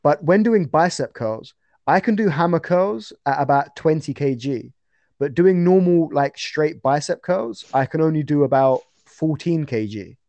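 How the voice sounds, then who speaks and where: A man's voice: on the high side, lively intonation, unhurried, dark tone, no echo. A young man talking casually as an interview guest about his fights, rambling with fillers and restarts.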